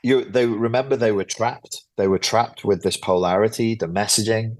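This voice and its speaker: A man with a fairly low voice talks through a psychology topic as an interview guest. He lectures bluntly, swears casually and keeps the explanation rolling. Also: moderate pace, hardly any pauses, a little mellow. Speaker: guest author and YouTuber.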